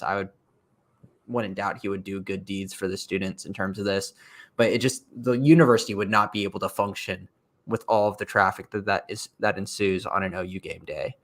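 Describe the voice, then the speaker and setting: Chatty young man on a sports podcast. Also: low-pitched. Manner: animated, rambling, many "like" fillers. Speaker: podcast co-host. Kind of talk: casual sports podcast chat. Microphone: streamed podcast mic.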